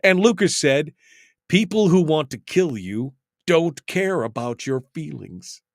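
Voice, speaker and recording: A man's voice: a little high, lively intonation, measured pace, dry recording, clean studio sound. A man hosting a talk show, chatting casually, laughing often and reading out chat messages with exasperated asides.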